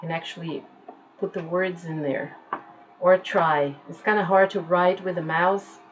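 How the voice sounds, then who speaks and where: Unhurried woman teacher drilling pronunciation from home, patient and repetitive, slightly muffled home recording. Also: fairly low pitch, steady tone, a little hiss or hum. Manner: slow, patient, repeats words to demonstrate sounds. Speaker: English teacher. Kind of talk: online pronunciation lesson.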